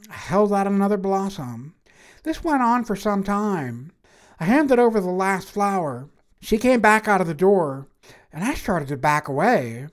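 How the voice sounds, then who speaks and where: A woman's voice: medium pitch, sing-song, a little slow. Woman reading a first-person tale. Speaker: storyteller.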